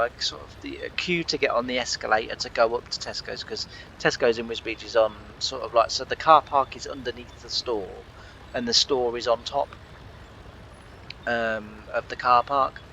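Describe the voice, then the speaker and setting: A man's voice: mid-range voice, creaky, pushed and bright, muffled recording, a little hiss or hum. A tired man telling a rambling, exasperated story in a casual way. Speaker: gaming channel host.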